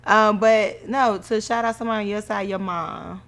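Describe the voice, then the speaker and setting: A chatty woman, a newlywed bride co-hosting a podcast, tells wedding stories in casual conversation, animated and laughing often. Her voice is mid-range and moderately paced.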